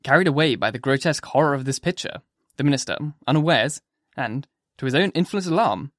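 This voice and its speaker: Male audiobook narrator, mid-pitched, measured storytelling, dry close mic. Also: expressive, fairly bright tone, no echo. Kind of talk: scripted narration.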